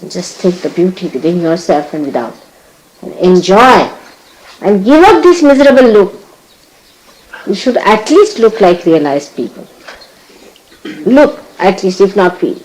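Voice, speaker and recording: A woman gives a spiritual talk, her pitch rising and falling in an animated way. She laughs often and teases her listeners while she scolds them. Her words sit over a faint background hiss. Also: a little slow, pauses often, rough recording. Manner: acts out other people's words. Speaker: spiritual teacher.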